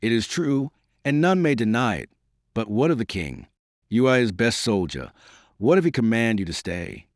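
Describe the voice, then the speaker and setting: A man's voice: mid-range voice, sing-song, moderate pace, dry recording, studio quality, close to an everyday voice. A man voicing an old village uncle, blunt and questioning. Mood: puzzled.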